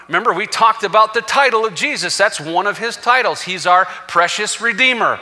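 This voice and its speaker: Guy pastor giving a sermon, fairly high voice, emphatic, lots of hall reverb. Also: animated, a little fast, few pauses, bright, forceful tone. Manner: emphatic preaching, reading scripture aloud with rising force. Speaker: senior pastor.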